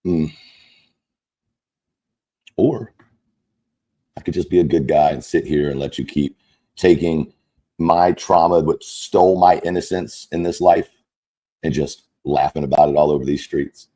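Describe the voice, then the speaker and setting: A man's voice: extremely low pitch, fairly even intonation, a little slow, long pauses, mellow. A man delivering an angry, profane, mocking rant as a content creator. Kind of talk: angry ranting monologue.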